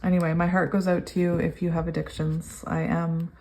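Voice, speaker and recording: Woman tarot reader, lowish voice, gushing and giggly, reads card messages in steady cadence. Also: fairly quick. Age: adult, long sober. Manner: excitable, gushing, laughs often. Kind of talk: pick-a-card tarot reading.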